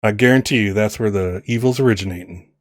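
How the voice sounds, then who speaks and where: A man's voice: fairly low pitch, quick pace, no room sound, clean studio sound, close to an everyday voice. A man voicing a self-righteous middle-aged male pastor in a tabletop game. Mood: stern.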